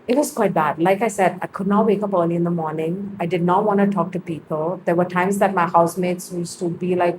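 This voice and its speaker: A woman's voice: fairly low pitch, fairly quick, few pauses, background noise. Earnest young woman sharing her testimony. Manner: earnest, reflective storytelling with lively bursts. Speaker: interview guest. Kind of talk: personal faith testimony in a casual interview.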